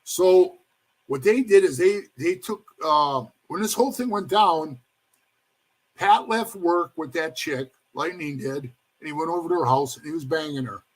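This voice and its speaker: A man's voice: fairly high pitch, lively intonation, a little slow. A man telling a long story from his past in a casual interview, rambling and calling the listener "bro" as he acts out what others said. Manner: rambling, says "bro" often, acts out quoted voices. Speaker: former motorcycle club member telling his story.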